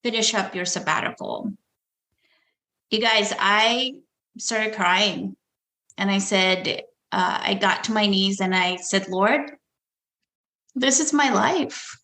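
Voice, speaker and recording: A woman's voice: mid-range voice, slow pace, long pauses, sharp tone, roomy sound. A woman guest telling a personal story in an earnest, emotional way, laughing now and then. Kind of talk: casual storytelling.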